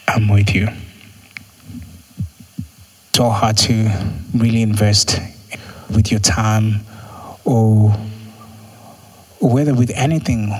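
Husky-voiced man preaching casually. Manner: conversational, acts out quotes with jumps in pitch. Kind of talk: sermon.

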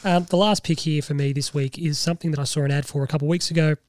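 A man co-hosting a casual podcast chat, telling stories and quoting scenes with lively energy. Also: on the high side, very fast. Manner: animated storyteller, quotes scenes in put-on voices. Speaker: podcast co-host.

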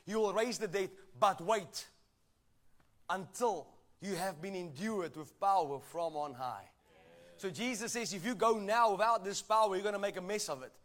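A man preaching a sermon with emphatic delivery, calling for responses from the congregation and building to shouted passages. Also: high voice.

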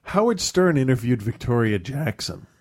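Man, podcast co-host, easygoing, laughs a lot, medium pitch. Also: big pitch swings, normal speed. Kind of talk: casual chat.

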